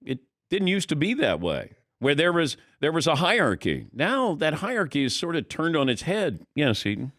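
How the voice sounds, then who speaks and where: A man in his sixties hosts a sports talk show, his voice swinging lively up and down as he rambles on. He talks in a loose, conversational way into a studio mic. The sound is close and dry. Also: a little high, moderate pace, no room sound. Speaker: radio show host. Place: radio studio.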